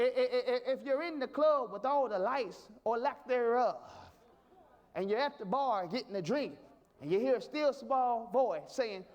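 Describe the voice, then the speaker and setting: Man, pastor, sermon, high voice, drawn-out emphatic questions. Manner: emphatic preaching with repeated questions.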